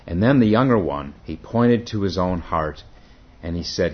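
A Zen teacher with a very deep male voice delivers a dharma talk, telling a story in a halting way and often correcting himself. His intonation is lively with a breathy edge, and the recording sounds dull and lo-fi.

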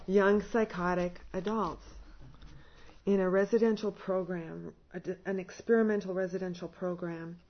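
Husky woman telling a personal story. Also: on the low side, muffled recording. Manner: laughs often, rising and louder when quoting herself.

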